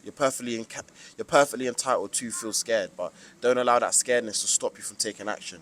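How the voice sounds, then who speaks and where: A man's voice: mid-range voice, quick pace, fairly bright tone. A young man from the UK with a British accent, giving an emphatic, preachy motivational monologue to camera with lots of slang. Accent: British English. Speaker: vlogger.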